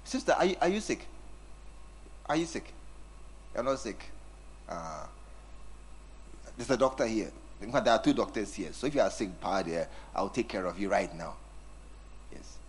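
A man's voice: lowish voice, big pitch swings, normal speed, pauses often, a little hiss or hum. A man preaching a sermon, teasing and acting out scenes with his congregation. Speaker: pastor.

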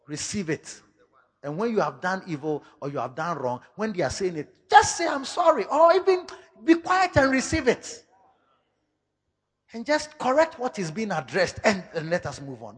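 A male pastor preaching a sermon in an animated way, slipping into local-language phrases and bursting into sudden shouts. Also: high-pitched, moderate pace, slightly rough, long reverb tail.

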